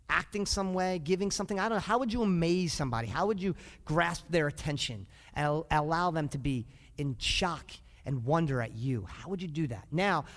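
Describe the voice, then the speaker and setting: A man with a high voice preaches a sermon as a pastor, speaking in a lively way and often asking questions of his listeners. His voice rings out with a long reverb in a large hall. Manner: lively, asks the congregation questions.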